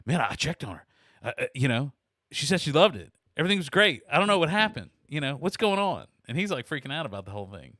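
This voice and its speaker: A man's voice: fast talker, dry recording, studio quality. A middle-aged man hosting a podcast, telling a long story in casual chat and acting out the people he quotes. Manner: animated, acts out quoted people with rising pitch. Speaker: podcast host.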